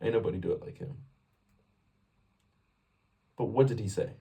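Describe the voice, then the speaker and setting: A young man from England with a husky, lowish voice talks at a moderate pace, far from the mic. His faith vlog to camera is casual and rambling, animated and full of self-interruptions.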